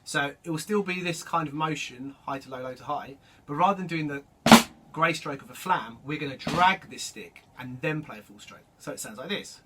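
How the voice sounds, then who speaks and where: A man teaching drum rudiments, explaining each stroke in a relaxed way and calling out the stickings as he plays. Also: a little high, normal speed. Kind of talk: instructional demonstration. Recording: distant mic with loud drum noise.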